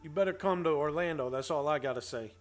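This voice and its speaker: Hosting a laid-back trading livestream, this fast-talking man has a fairly high voice and an upbeat, playful tone. He calls out viewers by name, peppering his greetings with slang and rhymes.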